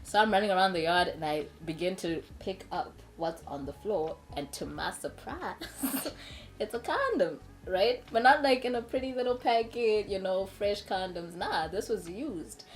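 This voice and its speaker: A woman's voice: medium pitch, moderate pace, faint music behind. Laughing woman telling a story. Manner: animated storyteller, laughs often, frequent "right?". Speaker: co-host. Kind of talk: casual chat, storytelling.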